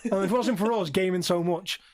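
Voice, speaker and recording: A man, co-hosting a podcast, telling stories in casual chat with lots of swearing and restarts. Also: high-pitched. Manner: swearing, storytelling, quick rambling restarts. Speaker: podcast co-host.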